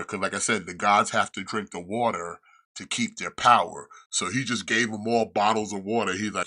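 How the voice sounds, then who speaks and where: A man hosting a podcast, retelling a series in casual chat with rambling, profane storytelling and quick restarts. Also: lowish voice, fairly even intonation, pushed and bright. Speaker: podcast host reviewing a show.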